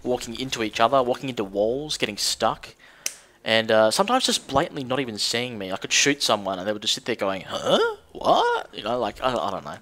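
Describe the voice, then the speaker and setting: A man's voice: mid-range voice, fast talker, a bit bright. A man giving casual, rambling commentary with lots of ums and restarts. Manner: rambling, hesitant, lots of fillers. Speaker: gaming video creator.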